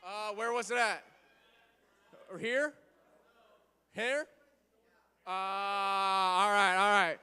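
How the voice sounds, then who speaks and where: A man hosting a party game for a church youth group, playful and teasing, now and then shouting over the room. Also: high voice, fairly even intonation, very slow, long pauses, clear, resonant tone.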